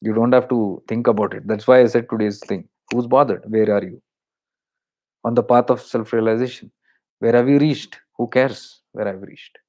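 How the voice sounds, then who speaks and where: A man with an Indian accent giving a spiritual talk, unhurried and reflective, drawing out words for emphasis and slipping into Hindi phrases. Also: medium pitch, steady tone, darkish tone. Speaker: spiritual teacher.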